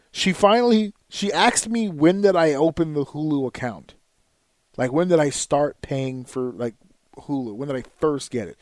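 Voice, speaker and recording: A man's voice: a little high, darkish tone, no room sound. Profane, exasperated man ranting on a podcast. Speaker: podcast host. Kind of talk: casual ranting monologue.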